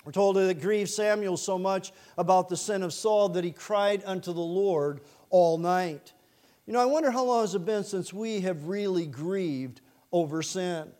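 A male pastor preaching a sermon, lively and animated, asking the congregation direct questions. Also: sits high. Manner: animated, acts out scripture quotes in character voices.

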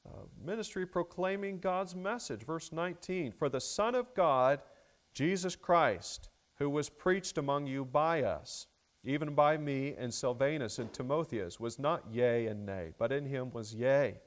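A man preaching an expository sermon, measured and deliberate, with frequent fillers and rising emphasis on key words. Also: mid-range voice.

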